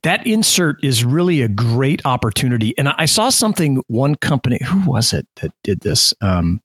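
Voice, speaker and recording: A man co-hosting a casual business podcast, talking through his ideas with lots of quick restarts. His voice moves up and down a lot, and the recording sounds dry and close. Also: medium pitch, slightly rough, dry recording. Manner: lively, restarts often, explains with examples. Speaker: podcast co-host.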